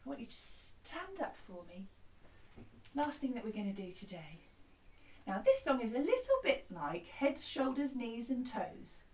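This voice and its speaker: A woman teaching a children's music lesson in a gentle, encouraging way, often breaking into song. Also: on the high side, very animated, unhurried, slight background noise. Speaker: primary school music teacher. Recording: echoey room, distant mic.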